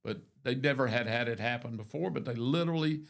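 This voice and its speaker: An older man with a gravelly voice chats on a morning show. He wanders through his stories, restarting sentences and tossing in asides as he goes. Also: medium pitch, quick pace. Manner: rambling storyteller with many restarts and asides. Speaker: radio show host. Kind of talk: casual morning show chat.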